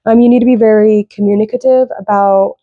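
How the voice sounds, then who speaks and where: A woman giving a casual tarot reading, rambling with lots of fillers, slow when she reads out card meanings. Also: medium pitch, fairly even intonation, dry recording, phone-quality sound. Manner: rambling, loose, with many fillers. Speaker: tarot reader.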